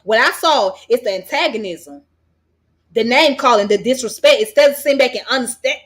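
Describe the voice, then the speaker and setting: Blunt, high-voiced woman ranting. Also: expressive, fairly quick, fairly bright tone. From United States. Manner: blunt, profane, repeats points emphatically. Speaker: vlogger. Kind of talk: heated commentary rant.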